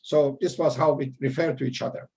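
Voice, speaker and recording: An older man from Persia with a heavy Persian accent, telling a long personal story in a halting way with many fillers. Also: mid-range voice, gravelly, breathy edge, rough recording. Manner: halting, many uh fillers, animated when quoting. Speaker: guest storyteller. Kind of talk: casual spoken anecdote.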